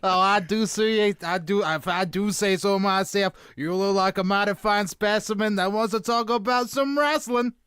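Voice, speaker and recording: A man hamming up a booming folksy ringmaster. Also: fairly even intonation, a bit bright, clean tone, no room sound, studio quality. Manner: theatrical, drawn-out announcer delivery. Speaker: podcast co-host.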